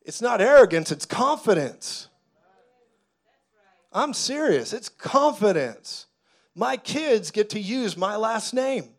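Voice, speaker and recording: A man preaching a sermon with a fairly high voice. He tells the story softly and dramatically, then builds to loud, fervent, repeated declarations. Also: sing-song, takes it slowly. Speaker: pastor.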